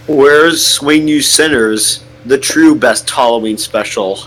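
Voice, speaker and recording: Young guy chiming in w jokes, bright sharp voice, bit of hiss. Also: mid-range voice, slow pace, low-quality recording. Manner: chatty, joking interjections. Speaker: co-host listener. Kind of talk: casual chat.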